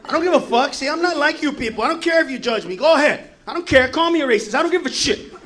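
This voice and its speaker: Brash, profane, high-voiced male comedian. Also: lively intonation, fast talker, a little hiss or hum. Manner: profane, brash, loud bursts of shouting. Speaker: stand-up comedian. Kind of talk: stand-up comedy routine.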